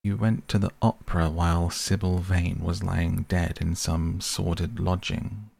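Guy reading as a hurt older painter, pleading, low gravelly voice. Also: level tone, unhurried, a little mellow, heavily acted. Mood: anguished. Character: older male painter, anguished and reproachful.

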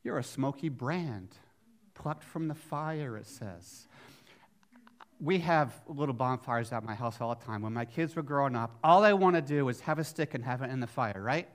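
A middle-aged male pastor preaching a sermon, swinging from near-whispers to loud emphatic bursts, with chatty asides and rhetorical questions. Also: medium pitch, moderate pace.

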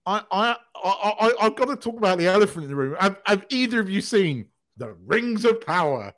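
Live podcast host, man, slightly high voice, blunt, stumbling restarts. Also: sing-song, brisk, a bit bright. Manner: stammering restarts, blunt and sweary. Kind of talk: casual chat.

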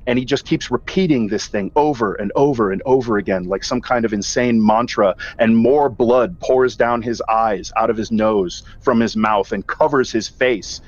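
A man's voice: mid-range voice, moderate pace, hardly any pauses. A man narrating as game master of a tabletop game, telling the scene vividly with small hesitations. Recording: dull lo-fi audio, faint music.

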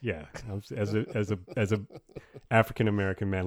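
Wry, low-voiced male podcast co-host. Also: fairly even intonation, a little fast, a little hiss or hum. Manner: wry, teasing quips. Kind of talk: casual chat.

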